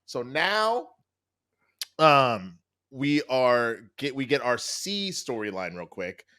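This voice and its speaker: A man's voice: medium pitch, slow. A man casually recapping a TV episode, acting out the characters' lines as he tells it. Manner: animated retelling with quoted character lines and laughs. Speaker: TV critic.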